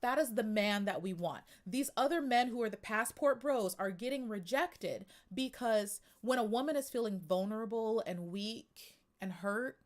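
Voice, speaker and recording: A woman's voice: on the high side, normal speed, hardly any pauses. Chatty woman hosting a livestream. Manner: chatty and emphatic, addresses live chat viewers. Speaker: livestream podcast host. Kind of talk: casual livestream monologue.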